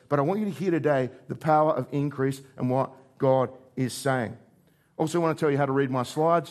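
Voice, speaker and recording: A man delivers a sermon as pastor. His voice sits a little on the high side, and he swings from raised, emphatic declarations to low, hushed lines. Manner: dynamic preacher, swings between raised emphatic lines and low quiet ones.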